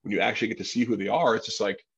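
A man's voice: lowish voice, fairly even intonation, racing, slightly rough, highs cut off. A man hosting a podcast in casual conversation, rambling with lots of fillers and some swearing. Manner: rambling, many fillers, profane. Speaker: podcast host.

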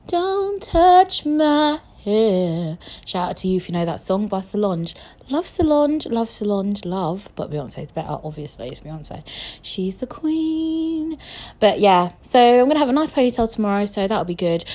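An English young woman hosts her own podcast, chatting casually and talking straight to her listeners. She's frank and jokey, swears freely, and her pitch and loudness swing lively.

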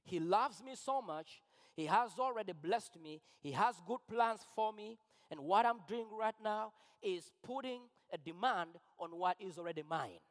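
A man's voice: sits high, lively intonation, moderate pace. A man preaching a sermon as pastor, emphatic and repetitive, with rising fervor. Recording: long hall reverb.

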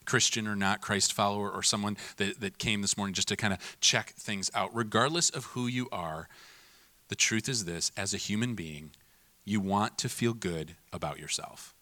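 Animated pastor man, bright dry voice. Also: on the low side, moderate pace, dry recording. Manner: animated, mimics people in voices, laughs at himself. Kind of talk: sermon.

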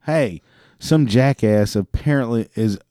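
A man's voice: mid-range voice, unhurried, mellow, no echo, clean studio sound. A man who works a parts counter, ranting profanely about customer service calls and mimicking the callers. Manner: drinks beer while talking. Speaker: parts department worker. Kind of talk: ranting monologue.

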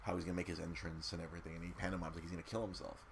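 Low-voiced guy ranting through a movie recap, does goofy voices, faint hiss. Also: very fast, creaky. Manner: animated, swears freely, acts out quotes in silly voices. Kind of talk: casual chat, movie recap.

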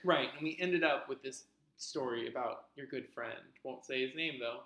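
Bright teasing man co-hosting a podcast. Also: mid-range voice, roomy sound, poor audio. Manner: teasing, quick interjections. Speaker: podcast co-host. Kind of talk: casual podcast chat.

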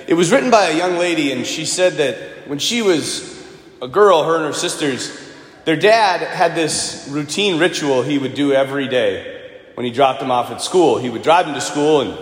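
A man, a priest, giving a conversational sermon and telling stories, now and then acting out the people he quotes. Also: mid-range voice. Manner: storytelling homily, conversational, acts out quoted voices. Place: church. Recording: echoey church with long reverb.

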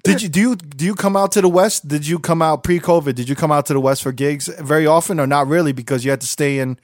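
A man's voice: fairly high pitch, quick pace, no echo. A man hosting a podcast, chatting loosely, laughing and swearing as he tells stories. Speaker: podcast host. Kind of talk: casual chat.

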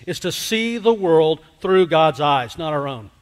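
Slow-preaching man in an echoing hall. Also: on the high side, lively intonation. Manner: slow, emphatic preaching that drops to a hush. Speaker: pastor. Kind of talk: sermon. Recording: long hall reverb.

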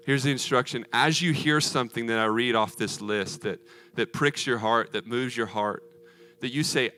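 A man's voice: mid-range voice, moderate pace, sharp tone, slight background noise. A man preaching a sermon, earnest and emphatic with rhythmic repetition.

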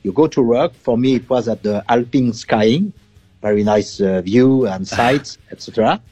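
Male journalist, halting English. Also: medium pitch, dark tone, breathy edge, soft background music. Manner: halting non-native English with many fillers. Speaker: journalist guest. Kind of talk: phone interview.

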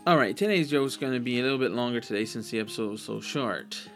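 A man's voice: medium pitch, fast, faint music behind. A man co-hosting a casual video for his small shop, teasing and telling a joke. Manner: joking, teasing, animated storyteller. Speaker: co-host of a small online shop's video.

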